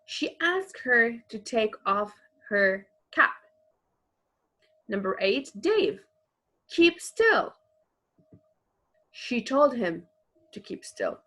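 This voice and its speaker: A woman teacher giving a recorded online English lesson, explaining patiently and slowly, repeating each example with frequent fillers. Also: fairly high pitch, lively intonation, pushed and bright.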